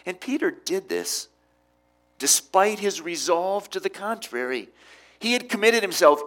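A middle-aged man preaching a sermon, with emphatic rises and quiet drops. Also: sits high, lively intonation, measured pace. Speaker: pastor.

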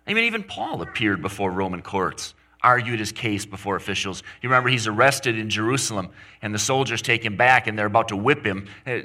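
Male pastor preaching, bright voice, lots of pitch swing, really animated. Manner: animated, lively preaching with emphatic rises. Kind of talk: sermon.

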